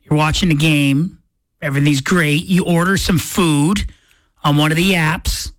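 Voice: mid-range voice, steady tone, unhurried, no room sound. A commentator telling a story in a casual monologue, acting out impatient inner voices. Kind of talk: casual monologue reacting to a viral video.

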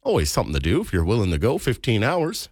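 A man's voice: lowish voice, fast, noisy background. A man hosting a casual afternoon radio show, playful and chatty. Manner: lively, playful, jumps into mock voices. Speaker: radio host.

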